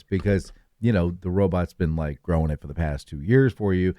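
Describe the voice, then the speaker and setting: A man's voice: low voice, fairly quick, hardly any pauses, dark tone, dry recording, studio quality. A man co-hosting a podcast, telling rambling stories with a lot of hesitation in casual chat. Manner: rambling storyteller, many fillers and restarts. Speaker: podcast co-host.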